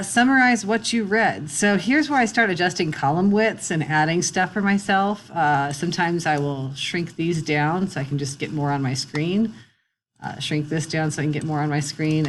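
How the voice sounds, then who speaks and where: Middle-aged woman teacher, low voice, relaxed tutorial delivery on a computer mic, slight background hum. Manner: relaxed, chatty, wry asides. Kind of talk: screen-recorded tutorial.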